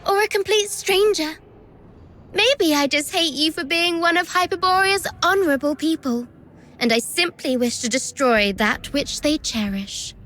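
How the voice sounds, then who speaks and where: A woman's voice: high voice, lively intonation, a little slow, fairly bright tone. An actress voicing a mocking, treacherous young woman in a video game, taunting with theatrical sarcasm. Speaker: game character.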